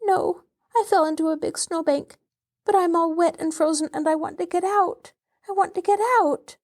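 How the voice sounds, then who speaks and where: A woman's voice: very high-pitched, steady tone, moderate pace, pitched above the performer's own voice. A woman voicing a frightened little girl trapped in a pit, sobbing and pleading. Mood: sobbing, terrified.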